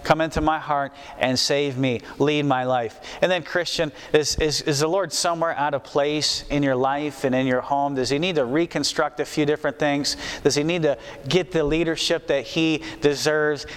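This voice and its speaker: A man preaches a sermon in a homespun, conversational way, often saying a phrase twice or three times to drive it home. His voice sits fairly high and sounds smooth and resonant. The long reverb of a church hall trails after his words. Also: fairly even intonation, normal speed, hardly any pauses. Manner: folksy, repeats phrases for emphasis.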